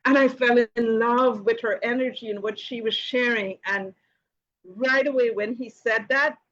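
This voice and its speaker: A woman's voice: a little high, steady tone, moderate pace, a bit bright, muffled recording. A woman hosting a live question-and-answer session, telling a personal story casually with many "you know" fillers and light laughs. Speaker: host of a live Q and A.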